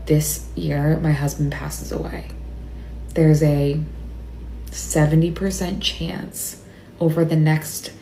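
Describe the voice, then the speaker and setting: A woman sharing a personal story in an emotional confessional video, upset and near tears, talking haltingly and often dropping to a whisper. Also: deep voice, creaky, mellow, a little hiss or hum. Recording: echoey room.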